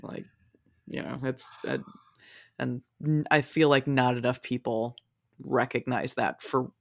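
A podcast guest talking casually about a film, rambling and profane with quick asides. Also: mid-range voice, fairly even intonation, gravelly, no room sound.

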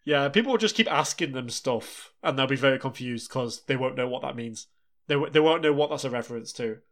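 A man's voice: medium pitch, lively intonation, fairly bright tone. A man co-hosting a podcast, chatting casually with a playful, giggly manner. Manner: giggly, playful, quick jokes. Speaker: podcast co-host. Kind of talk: casual chat.

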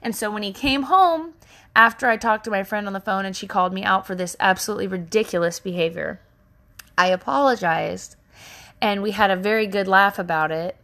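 Podcast host, woman, thirties, bright and chatty, candid, self-mocking storyteller who swears freely. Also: medium pitch, brisk. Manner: self-deprecating, laughs at herself.

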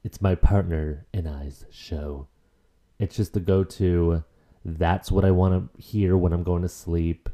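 Low, mellow-voiced man rambling emotionally. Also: takes it slowly. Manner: emotional, rambling, swears freely. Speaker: podcast host. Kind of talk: casual solo podcast chat.

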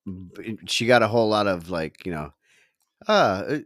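A man with a fairly low voice, talking loosely with a friend on a podcast. He laughs often as he tells his stories and drops the odd curse. The sound is dry and close, with no room around it. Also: normal speed, fairly bright tone, dry recording. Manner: laughs often while telling stories, swears casually. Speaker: podcast co-host. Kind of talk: casual chat.

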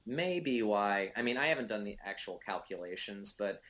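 A man with a very low voice talks his way through a movie commentary track. He rambles, stops and restarts often, and fills the gaps with ums and you-knows. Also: expressive, moderate pace, a bit bright. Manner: rambling, with many fillers and restarts. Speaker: film commentary co-host. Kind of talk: casual film commentary.

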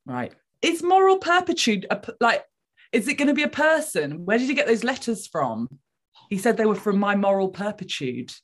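A woman co-hosting a casual podcast discussion of a TV episode, giving expressive, opinionated reactions. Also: medium pitch, moderate pace. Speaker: podcast co-host.

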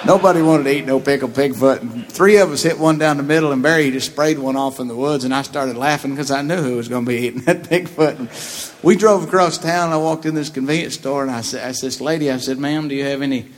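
A man who is a comedian guest, telling a long anecdote in a profane, laughing, animated way. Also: medium pitch, fast, slight background noise. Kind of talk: storytelling anecdote.

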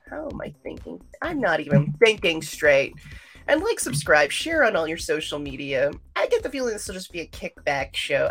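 A woman's voice: lowish voice, gravelly. A woman hosting a livestream, chatting casually and rambling straight to her viewers. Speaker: livestream host.

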